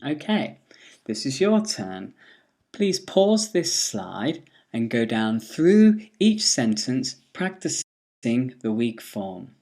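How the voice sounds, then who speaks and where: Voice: mid-range voice, big pitch swings, takes it slowly, warm tone. A pronunciation teacher, giving a scripted lesson and carefully modelling each phrase in its full form and then its weak form.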